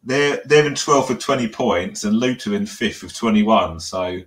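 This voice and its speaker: A man's voice: lowish voice, expressive, normal speed, reverberant. A man on a casual football panel, stammering and repeating words as he talks, with a faint hiss behind him.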